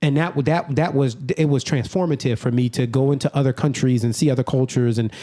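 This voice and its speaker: A middle-aged man, a comedian guest on a podcast, telling stories in a joking, animated way. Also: mid-range voice, fairly quick. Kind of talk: casual podcast chat.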